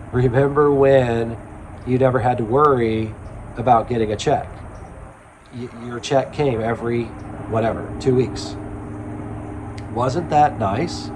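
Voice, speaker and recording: Earnest man musing slowly, faint traffic behind. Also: mid-range voice. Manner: slow, earnest, pausing with ums. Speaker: spiritual self-help speaker. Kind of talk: reflective monologue to camera.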